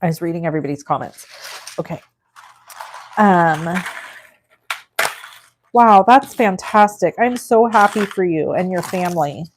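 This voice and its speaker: A woman's voice: on the low side, lively intonation, a little slow, pauses often, slight background noise. A middle-aged woman hosting a live crafting stream, chatting with viewers in a gushing, effusive way as she works. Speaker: crafting livestream host.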